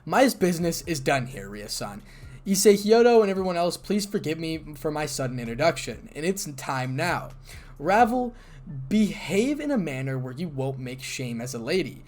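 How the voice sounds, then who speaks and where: A gracious noble devil mother, polite and formal in every word, as a man reads her. The voice sits a little higher and moves lively across its pitch, taking its time. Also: moderate pace. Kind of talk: fan audiobook reading.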